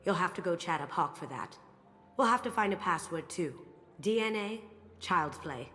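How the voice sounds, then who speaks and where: A sly young thief in a game, with a low, husky-toned register for a woman and a cocky, playful way of talking. Game music plays faintly behind her. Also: expressive, normal speed, fairly bright tone, in a large hall. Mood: confident. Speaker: game character. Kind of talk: video game voice acting.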